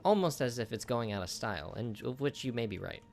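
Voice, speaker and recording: A man's voice: mid-range voice, lively intonation, fairly quick, vocal fry, a little mellow, faint music behind. A man chatting casually through a video game, joking with the enemies he fights. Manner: chatty, jokes with on-screen enemies. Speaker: gameplay streamer. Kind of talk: casual gameplay commentary.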